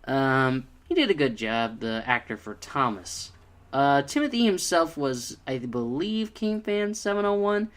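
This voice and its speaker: A man's voice: medium pitch, sing-song, unhurried, a bit bright. A man giving a casual spoken review, hesitant, with frequent ums and restarts. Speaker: video reviewer.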